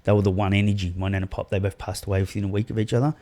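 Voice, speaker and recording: A man's voice: on the low side, flat delivery. A man telling a personal story as a podcast guest, earnest and full of swearing. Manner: earnest, heavy swearing, drawn-out soft delivery. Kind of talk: casual storytelling interview.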